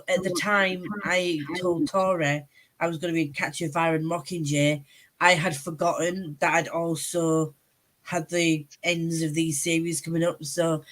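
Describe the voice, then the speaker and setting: A woman chatting on a video call in an unhurried, wry way. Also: lowish voice, rough recording. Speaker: booktuber guest. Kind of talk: casual chat.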